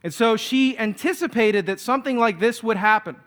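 A pastor of Filipino background preaches a sermon, telling humorous stories and acting out the voices of the people he quotes. His voice is high and fairly bright, and he speaks fairly quickly.

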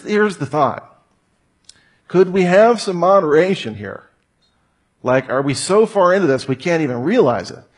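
A man with a fairly high, husky voice gives a humorous talk to an audience, peppering it with rhetorical questions, jokey asides, and mock voices.

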